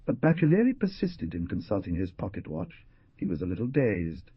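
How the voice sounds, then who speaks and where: Husky low-voiced male audiobook narrator. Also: fairly quick, no room sound, highs cut off. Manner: expressive storytelling. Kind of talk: scripted narration.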